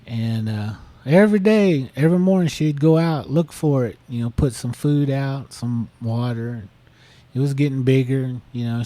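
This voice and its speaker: A man's voice: medium pitch, dark tone, no echo. A man co-hosting a podcast, casually retelling a listener's story with lots of fillers and restarts. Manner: rambling, many fillers. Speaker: podcast co-host.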